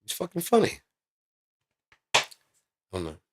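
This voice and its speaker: A man vlogging in a casual, rambling monologue, swearing often and getting excited as he pitches his ideas. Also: measured pace, background noise. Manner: rambling, profane, excitable storytelling.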